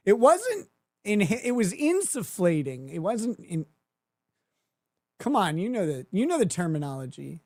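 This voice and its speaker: A man's voice: a little high, very animated, a little slow, dry recording, studio quality. A man hosting a livestream, giving crude, mocking commentary and laughing at his own jokes. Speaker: livestream host.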